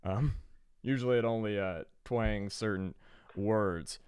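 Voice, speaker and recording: A man from Georgia co-hosts a podcast in loose, casual chat. He rambles and swears, with a sardonic edge. His voice is smooth and resonant, and the recording is dry and close. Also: fairly low pitch, measured pace, darkish tone, no room sound. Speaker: podcast co-host.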